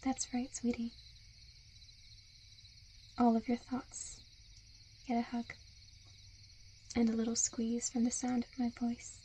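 A woman in a whispered role-play, with a soft, soothing and coaxing hypnotic murmur. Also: fairly high pitch, monotone, measured pace, long pauses, a little hiss or hum. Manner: seductive, coaxing.

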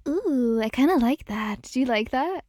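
A young woman in a whispered role-play as a girlfriend, talking softly with playful giggles. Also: high-pitched, lively intonation, normal speed.

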